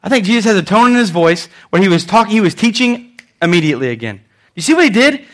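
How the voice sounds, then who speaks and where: A man preaches in an animated way, rising loud and dropping soft. His voice sits fairly high for a man. He plays out quotes in different voices. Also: fast talker. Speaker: pastor. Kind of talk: sermon.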